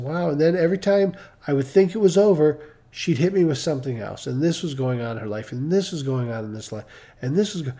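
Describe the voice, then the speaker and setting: A man's voice: fairly high pitch, a little mellow. A middle-aged man telling a story casually on a live stream, rambling and acting out the dialogue he quotes.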